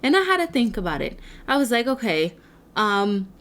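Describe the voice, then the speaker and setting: A woman's voice: a little high, sing-song, moderate pace, fairly bright tone. A woman giving an earnest, faith-based motivational talk to camera, speaking to her viewers like a preacher and piling up rhetorical questions. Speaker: motivational speaker and nonprofit founder.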